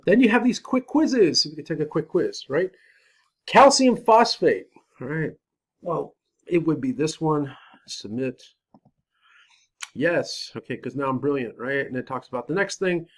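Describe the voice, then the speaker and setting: Male teacher, upper-middle pitch, casual self-deprecating screen-recording voice-over. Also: animated, unhurried, pauses often. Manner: casual, self-deprecating, talks to himself while clicking. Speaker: chemistry teacher. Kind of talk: screen-recorded software walkthrough.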